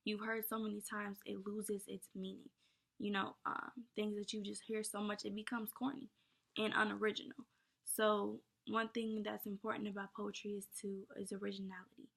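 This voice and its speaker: A young woman talks through poetry terms for her viewers in a loose, chatty way, filling pauses with ums and likes. Her pitch stays fairly flat, and her voice is gravelly with vocal fry. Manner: casual, many ums and likes, addresses viewers as y'all. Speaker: teacher. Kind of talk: informal lesson.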